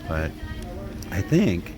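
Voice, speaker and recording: A man's voice: low-pitched, big pitch swings, very slow. An American man, middle-aged, rambling in a folksy vlog as he films himself outside a takeaway shop at night on a phone camera. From United States. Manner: rambling, folksy, restarts phrases often. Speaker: travel vlogger. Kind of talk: casual walk-and-talk vlog. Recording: outdoor street noise behind. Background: traffic and street ambience.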